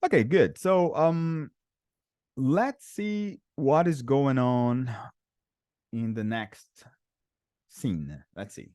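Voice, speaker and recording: A Brazilian man teaching an online English lesson, patient and slow, repeating words for his students. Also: mid-range voice, expressive, a little mellow, no room sound. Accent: Brazilian Portuguese. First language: Portuguese.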